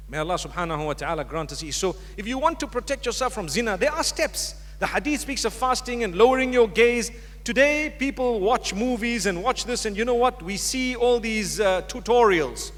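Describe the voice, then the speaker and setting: A man's voice: high voice, expressive, a little fast, a bit bright. A man giving a public religious lecture to a live audience, speaking directly and with humor. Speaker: Islamic preacher. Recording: long hall reverb from a lecture hall.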